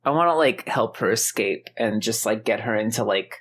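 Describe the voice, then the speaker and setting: A podcast co-host who jokes through a casual conversation. The voice is bright and the pitch bounces widely. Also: expressive, moderate pace. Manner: joking, playful. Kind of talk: casual chat.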